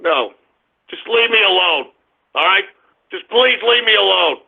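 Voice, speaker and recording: Man, radio host, angry profane rant, gravelly and husky, tinny phone-like sound. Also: sits high, animated, a little slow. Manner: ranting, profane, combative, shouting at trolls. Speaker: radio talk show host.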